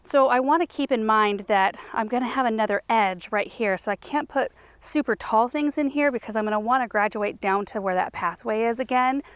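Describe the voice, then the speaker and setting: A woman's voice: fairly high pitch, a little fast, few pauses, clean tone, no echo. Chatty woman on a garden tour. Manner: chatty, enthusiastic, thinks out loud. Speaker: gardening channel host. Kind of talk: casual garden tour vlog. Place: outdoor garden.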